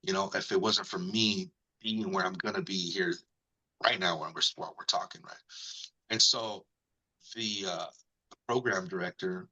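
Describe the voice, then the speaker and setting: Husky, tense-voiced man telling a story. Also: normal speed, poor audio. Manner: animated, acts out quoted people with jumps in pitch. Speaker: radio personality and guest. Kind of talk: casual storytelling interview.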